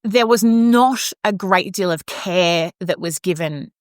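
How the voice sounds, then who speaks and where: A woman's voice: fairly low pitch, takes it slowly, no room sound. Australian woman, opera singer and podcast co-host, candid storyteller, dry studio sound. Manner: candid, lively storyteller with frequent restarts. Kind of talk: casual storytelling chat.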